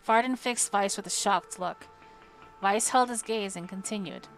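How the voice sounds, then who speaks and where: A woman reads a fantasy novel aloud for her live stream, measured and dramatic. Faint music plays quietly behind her voice. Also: mid-range voice. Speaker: audiobook reader on a live stream. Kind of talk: audiobook narration. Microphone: home streaming microphone.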